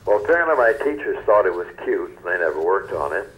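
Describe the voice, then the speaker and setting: Deep-voiced older man telling stories. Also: very animated. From North Carolina, US. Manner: folksy, unhurried, trails off softly. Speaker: interview guest, retired newscaster. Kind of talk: relaxed storytelling interview. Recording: dull lo-fi radio recording.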